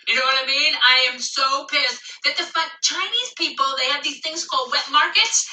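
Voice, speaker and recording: A middle-aged woman comedian riffing in a loose stand-up monologue, swearing freely and laughing at her own lines. Her voice is high and very bright. It sounds like an echoey room, with the mic set a little away from her. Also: normal speed, hardly any pauses, recorded from a distance. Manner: profane, animated, laughing at own jokes.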